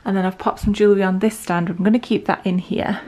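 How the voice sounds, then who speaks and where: A woman's voice: medium pitch, fairly even intonation, fast, mellow. A young woman chatting casually in a home vlog, rambling with lots of fillers, at times out of breath. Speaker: vlogger. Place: home, indoors.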